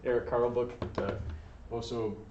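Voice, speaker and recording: A man leads a Spanish class in a patient, encouraging way, filling pauses with ums and uhs. He sits well back from the mic in a room full of echo. The sound is dull and muffled, with a faint hiss. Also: medium pitch, flat delivery. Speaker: Spanish teacher. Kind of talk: classroom lesson, calling on students. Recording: distant, echoey, dull room recording.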